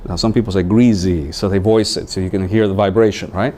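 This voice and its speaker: A man training new teachers, telling stories in an animated way and acting out voices. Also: low voice, fairly quick, few pauses. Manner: animated storytelling, acts out voices.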